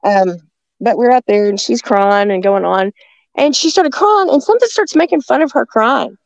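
A woman's voice: on the high side, lively intonation, normal speed, gravelly, no echo. A woman telling a story in casual, rambling talk, often restarting her sentences. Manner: rambling, with restarts and frequent laughs. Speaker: guest recounting encounters. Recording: dull lo-fi sound.

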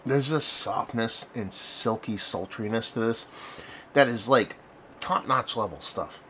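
A man's voice: mid-range voice, unhurried, a bit bright, slight background noise. A man hosting a casual beer review video, talking in a loose, rambling way and often correcting himself mid-sentence. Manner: rambling, conversational, self-correcting.

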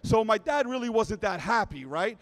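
A middle-aged man telling a comic story to a live audience at a convention, animated and often checking in with "right?". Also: sits high, moderate pace, poor audio. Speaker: speaker at a fan convention.

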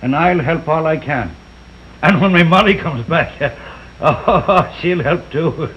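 An actor playing a jovial middle-aged neighborhood policeman in a 1930s film, chuckling warmly and barking orders at crowds. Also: a little high, takes it slowly, dull audio, slight background noise.

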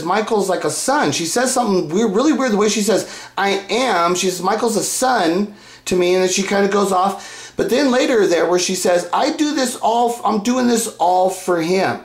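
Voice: medium pitch, roomy sound. A vlogger talking in a rambling, repetitive and insistent way, restarting sentences often. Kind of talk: casual rambling monologue to camera.

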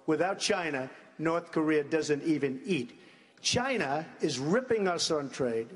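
A man in a large debate hall, answering questions in an emphatic, repetitive way and talking over anyone who cuts in. His voice sits a little high, and a long reverb hangs behind it. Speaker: presidential debate candidate.

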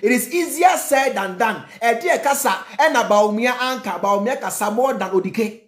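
A Ghanaian-accented commentator delivers a heated political rant, hammering points through repetition and mockery. The voice sits at a middle pitch. The recording sounds roomy, with a noticeable echo. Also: lively intonation, moderate pace, a bit bright. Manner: repetitive, rhetorical, mocking, switching between Twi and English.

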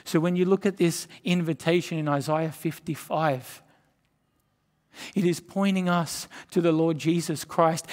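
A man preaching a sermon, emphatic, building to loud declarations. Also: on the high side, moderate pace. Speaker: pastor. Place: church hall. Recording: church hall with long reverb.

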